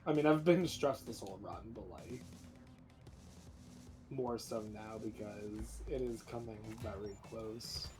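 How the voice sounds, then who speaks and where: A man's voice: lowish voice, measured pace, over music. A man racing in a live game stream, thinking aloud in an anxious, rambling way. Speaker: speedrunner competing in a bingo race. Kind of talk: live gameplay chatter.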